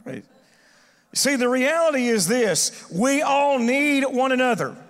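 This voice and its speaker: High-voiced male pastor preaching in a hall. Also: expressive, a little slow. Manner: preaching with call-and-response to the congregation. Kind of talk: sermon. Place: church sanctuary.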